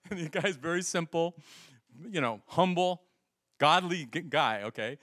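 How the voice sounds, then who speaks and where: Animated preaching man, dry close sound. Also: fairly high pitch, a little slow, dry recording. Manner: animated storytelling, acts out quoted voices. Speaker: pastor. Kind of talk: sermon.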